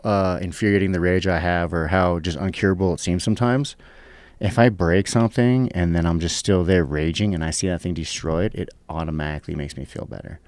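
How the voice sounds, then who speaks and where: A man's voice: low voice, darkish tone, smooth, dry recording. A young man chatting casually on a podcast, rambling with lots of fillers and swearing. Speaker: guest, pro fighter.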